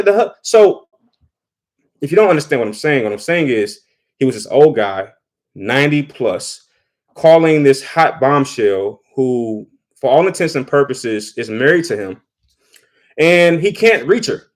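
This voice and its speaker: A man's voice: mid-range voice, expressive, normal speed. A man giving casual spoken commentary, talking loosely and often repeating words as he thinks. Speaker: vlogger.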